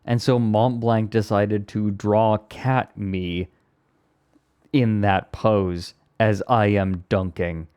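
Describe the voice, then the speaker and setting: Slow, low-voiced male streamer. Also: fairly even intonation, darkish tone, smooth. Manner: rambling, self-amused, breaks into laughter. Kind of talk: casual live-stream chat.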